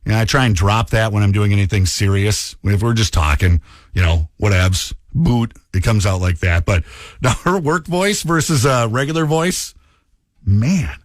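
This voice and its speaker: Brief: Minnesotan male radio host, lively pitch swings, dry studio sound. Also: normal speed, no room sound. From Minnesota, USA. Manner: chatty, animated, self-mocking. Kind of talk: casual radio talk.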